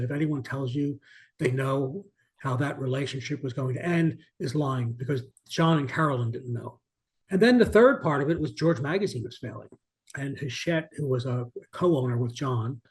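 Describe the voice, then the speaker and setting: An earnest man recounting memories as a guest in an interview. He speaks at a mid pitch with shifting emphasis and often restarts his sentences, telling the story in a reflective way. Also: darkish tone. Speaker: author and guest.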